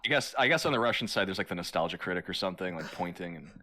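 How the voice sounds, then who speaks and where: Giggly, hesitant man with a bright voice. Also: low voice, expressive, very fast. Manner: laughs easily, hesitant with many fillers. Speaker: podcast co-host. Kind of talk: casual comedic chat.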